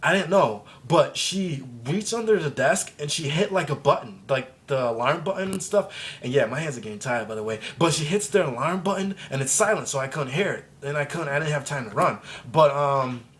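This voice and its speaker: A man's voice: on the high side, expressive, brisk, a bit bright. Young man telling a rambling, profane comic story. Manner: rambling, profane, laughing, exaggerated retelling. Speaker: vlogger. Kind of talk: casual comedic storytelling to camera.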